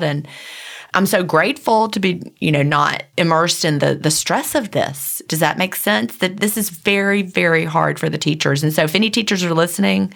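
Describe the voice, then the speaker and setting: A middle-aged woman with a low voice and a gravelly fry. She talks earnestly and at length in casual podcast chat, circling back over her thoughts. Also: a bit bright. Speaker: podcast co-host.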